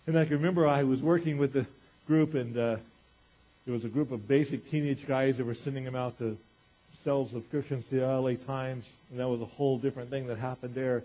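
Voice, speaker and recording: A man preaching a sermon in an animated, conversational way, acting out quotes as he goes. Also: mid-range voice, fairly quick, husky. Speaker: pastor. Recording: dull lo-fi recording.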